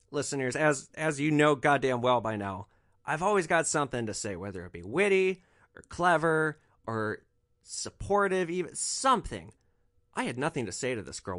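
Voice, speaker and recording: A man's voice: medium pitch, animated, moderate pace, fairly bright tone, no echo, studio quality. A male podcast host telling a story in a sardonic, profane way.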